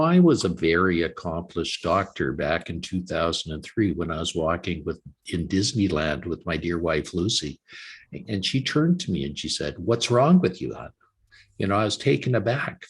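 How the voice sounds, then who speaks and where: Gravelly, lively older man telling a story. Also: sits low. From Canada. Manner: animated storyteller acting out quoted dialogue. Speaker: guest author. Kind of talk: storytelling in an interview.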